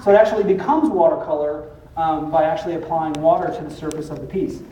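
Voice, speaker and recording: A man's voice: a little high, dark tone. Man presenting casually at a conference, profane, filler-heavy; roomy hall sound, distant mic, faint noise. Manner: loose and profane, many filler pauses.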